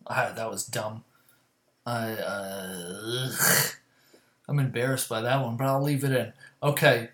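A man's voice: mid-range voice, steady tone, unhurried, fairly bright tone, reverberant. A man hosting a casual sports rundown, rambling through scores with profane, self-mocking asides. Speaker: sports talk show host.

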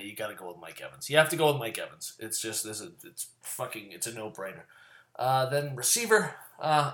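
A man casually giving his fantasy football picks in a rambling, profane rant that swings from loud and worked up to low muttering. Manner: profane, rambling and ranting, swears often; gets loud and worked up, then drops back to low mutters.

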